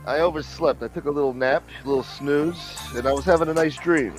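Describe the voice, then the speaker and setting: A man hosting a livestream as a mock preacher, loud, joking and animated, chatting casually to his viewers. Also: medium pitch, a little fast, hardly any pauses, faint music behind. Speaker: livestream host.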